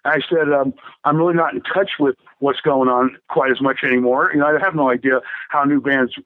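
A man's voice: medium pitch, steady tone, a little fast, no room sound. An older man telling rambling stories as a musician being interviewed, laughing often and restarting his sentences. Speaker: rock drummer interviewee. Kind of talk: casual storytelling interview. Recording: tinny dry phone line.

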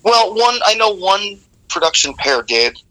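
A rock singer in an interview, telling rambling, animated stories with many restarts. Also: male voice, high-pitched, a little slow, rough recording. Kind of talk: casual interview storytelling.

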